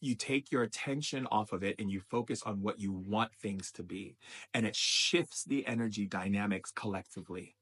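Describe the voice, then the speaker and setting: Husky-voiced man giving an emphatic spiritual talk. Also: lowish voice, moderate pace, a bit bright. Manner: emphatic, repetitive, preacherly. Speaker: spiritual teacher.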